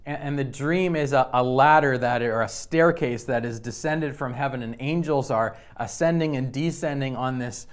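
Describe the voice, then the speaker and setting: A man delivering a sermon in a plain, mid-pitched voice. He talks conversationally, repeating words and restarting sentences as he goes. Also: moderate pace, few pauses, clear, resonant tone. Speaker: pastor.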